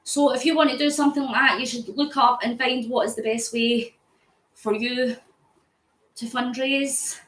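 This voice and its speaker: On a poor-quality, roomy recording, a woman from near Glasgow in Scotland speaks in a high-leaning, fairly bright voice with fairly even intonation at normal speed. As a fundraising vlogger she live streams while cycling, chatting, answering comments aloud and laughing often.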